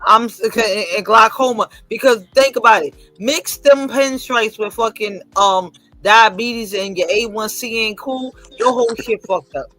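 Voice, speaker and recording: A woman's voice: fairly high pitch, moderate pace, few pauses, a bit bright, no room sound, faint music behind. A woman hosting a casual live-stream panel, telling stories in a brash, profane, joking way. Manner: brash, profane, jokey storytelling. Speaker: stream host.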